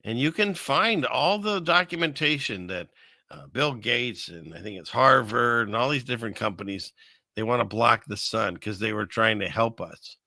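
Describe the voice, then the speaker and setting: Gravelly bright-toned man, rambling livestream talk. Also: mid-range voice, animated, normal speed, dry recording. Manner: rambling, conversational, reads verses aloud. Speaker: live stream host. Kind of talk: casual livestream commentary on scripture and conspiracies.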